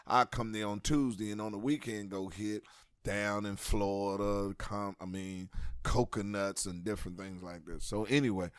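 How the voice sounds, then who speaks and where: Brief: American male comedian, middle-aged, loose and profane raconteur, somewhat low voice, dry recording. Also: normal speed, clean tone, no echo. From United States. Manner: profane, animated storyteller. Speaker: comedian guest. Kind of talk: casual storytelling interview.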